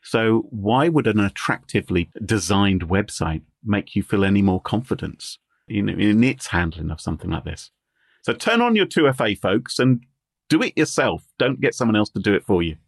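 Husky guy, low voice, co-hosting a podcast, laughs a lot, dry sound. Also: lively intonation, no room sound. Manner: chatty, quick to laugh. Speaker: podcast co-host. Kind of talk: casual chat.

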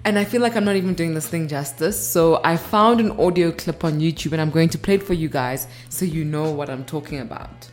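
A woman's voice: low voice, a little fast, hardly any pauses, faint music behind. A woman in her thirties, from South Africa, hosting a podcast in an upbeat, chatty monologue. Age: 30s. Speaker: podcast host.

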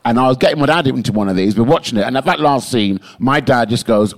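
A man telling comic stories as a guest on a live podcast, animated and profane, checking in with the listener as he goes. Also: mid-range voice, fast. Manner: animated, swears freely, punchy asides; keeps checking in with "right?". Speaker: guest comedian.

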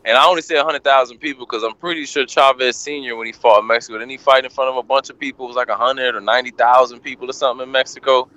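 Male caller with a smooth, resonant voice, relaxed and musing, on a muffled low-fi line. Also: very fast, hardly any pauses, dry recording. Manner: relaxed, thinks out loud. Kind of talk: casual call-in chat.

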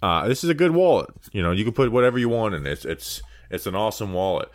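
A man's voice: fairly low pitch, very animated, quick pace. A man hosting a sports podcast, reading an ad loosely and joking as he goes. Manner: loose, jokey ad-libbing. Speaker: podcast host. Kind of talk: casual podcast chat and ad read.

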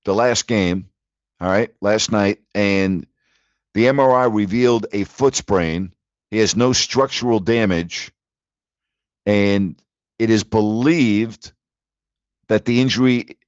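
On a muffled recording with no echo, a medium-pitched man hosts a sports talk radio show. He rants with animated disbelief about the latest league news, sounding incredulous throughout his monologue.

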